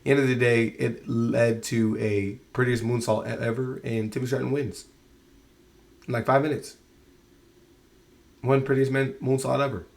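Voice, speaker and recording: A man's voice: medium pitch, flat delivery, normal speed, gravelly, pauses often, darkish tone. A man giving a casual spoken review of a show, exasperated and rambling, often restarting his sentences.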